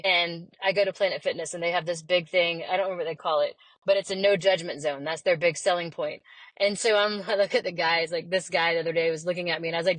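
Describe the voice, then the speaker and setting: A woman, telling stories in a chatty, animated way as a podcast guest. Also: mid-range voice, dry recording, low-quality recording. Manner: chatty, animated storyteller who acts out quotes. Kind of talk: casual conversation.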